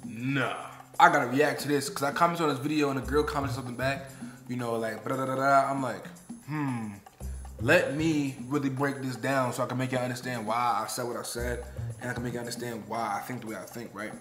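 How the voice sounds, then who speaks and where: A man's voice: medium pitch, steady tone, fast talker, a bit bright, echoey room, faint music behind. A young man hosting a casual reaction video, talking in loose slang and laughing along. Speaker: reaction channel host. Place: indoors, sit-down video.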